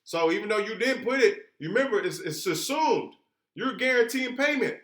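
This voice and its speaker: With a high-sitting, fairly bright voice and lively intonation, an instructor delivers a casual lesson at a moderate pace. He talks emphatically and colloquially, raising rhetorical questions only to answer them. The room has an echo.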